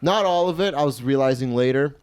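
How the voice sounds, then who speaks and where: A man's voice: medium pitch, fairly quick, darkish tone, smooth. A man in his twenties hosting a comedy podcast, rambling, profane and self-mocking. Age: 20s. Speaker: podcast host and stand-up comedian. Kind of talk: casual comedy podcast chat.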